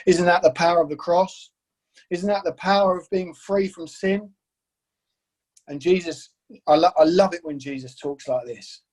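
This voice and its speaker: A man's voice: fairly high pitch, a little mellow, rough recording. A man preaching an earnest, enthusiastic sermon as pastor, with many rhetorical questions.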